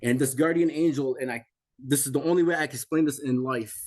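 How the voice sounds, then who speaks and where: A man's voice: medium pitch, quick pace, a little mellow. Intense man in his forties recounting. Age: 40s. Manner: intense, repetitive, restarts mid-sentence. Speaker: guest telling a near-death experience. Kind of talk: emotional personal testimony.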